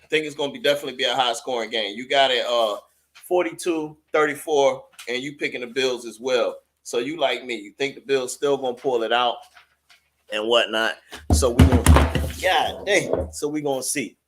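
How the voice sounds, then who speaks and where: A man's voice: mid-range voice, brisk, a bit bright. A man hosting a sports talk live stream, chatting casually and loosely with viewers and reading their chat messages aloud.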